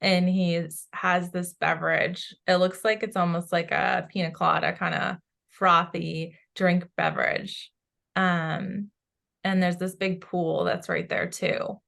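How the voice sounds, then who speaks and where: Low, gravelly-voiced woman psychic medium. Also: level tone, slow pace, a bit bright. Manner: rambling, describes visions with many fillers. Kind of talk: channeling session in casual chat.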